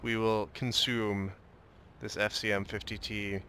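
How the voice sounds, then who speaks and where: A man's voice: lowish voice, flat delivery, measured pace, background noise. A young man casually commenting on his own tank battle, joking and slipping into a mock Russian way of talking. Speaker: gameplay commentator.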